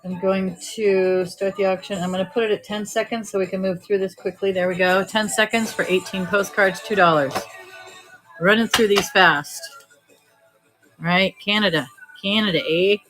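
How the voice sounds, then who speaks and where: A woman selling postcards on a live-stream auction, talking briskly and joking as she sorts through stacks. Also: mid-range voice, steady tone, a bit bright, soft background music, rough recording. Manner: brisk, joking, thinking aloud while sorting items. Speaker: online auction seller.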